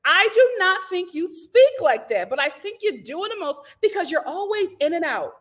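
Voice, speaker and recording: A woman's voice: very high voice, very animated, normal speed, a bit bright. A woman hosting a casual reality TV recap, talking in a sassy, slangy, opinionated way. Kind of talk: casual live recap chat.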